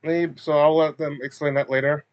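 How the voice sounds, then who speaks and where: A man's voice: a little high, level tone, moderate pace, clear, resonant tone. Hesitant man recapping, dull lo-fi sound. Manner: hesitant, many fillers and restarts. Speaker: recap video host. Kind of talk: casual spoken recap. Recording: dull lo-fi recording.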